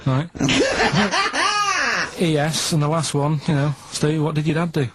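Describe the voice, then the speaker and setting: A man's voice: a little high, wildly swooping pitch, a little slow, very noisy. A man in a comic radio chat who explains quiz clues at length and keeps checking with "right?". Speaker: regular radio contributor setting quiz clues.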